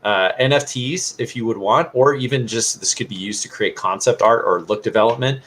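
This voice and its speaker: A man's voice: medium pitch, fairly quick, fairly bright tone, a little hiss or hum. A man co-hosting a casual livestream, explaining things in a loose, rambling way with lots of fillers. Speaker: livestream co-host.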